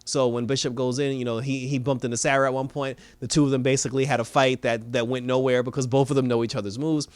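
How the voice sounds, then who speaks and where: Animated man recapping a TV episode. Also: medium pitch, fast talker, few pauses, clean tone, no echo. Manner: animated retelling, acting out characters' lines, laughing. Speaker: TV review host.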